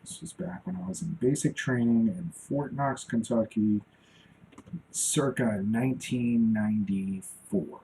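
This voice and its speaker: A man's voice: medium pitch, measured pace, mellow, slight background noise, rough recording. A man in his forties chatting casually on a live stream while he draws, rambling and talking to himself as he works. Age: 40s. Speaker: cartoonist streaming while drawing.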